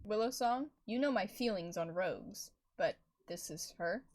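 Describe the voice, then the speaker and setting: A woman's voice: medium pitch, expressive, moderate pace, a little mellow, natural voice. Vinestar, a woman doing a stern clan leader tomcat. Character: stern male clan leader tom cat. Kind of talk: voice-acted roleplay.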